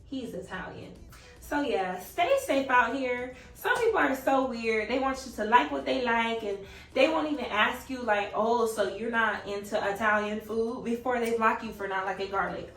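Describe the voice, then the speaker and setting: A young woman tells a casual storytime in a chatty, profane way, often raising her voice when quoting people. Her voice sits a little high. She sounds somewhat away from the mic in an echoey room. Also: far from the mic. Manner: chatty, swearing, laughing, quoting in a raised voice. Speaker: vlogger.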